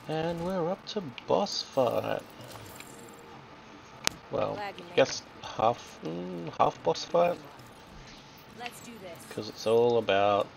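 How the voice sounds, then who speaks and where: Gravelly Australian man streaming a shooter. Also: medium pitch, a little hiss or hum, low-quality recording. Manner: chatty, joking, reacting aloud to the game. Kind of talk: casual gameplay commentary. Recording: game gunfire and explosions loud behind voice.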